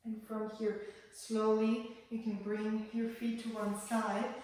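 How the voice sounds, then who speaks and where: Gentle woman guiding a yoga class. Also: fairly high pitch, takes it slowly, slight background noise. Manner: calm, gentle cueing of breath and movement. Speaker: yoga teacher. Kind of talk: guided yoga class instruction. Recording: echoey room, voice from far off the mic.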